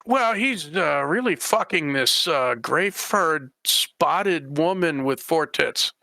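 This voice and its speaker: A man's voice: a little high, expressive, slow pace, vocal fry, pushed and bright, dry recording. A man running a tabletop game as game master, narrating in a rambling way and voicing characters.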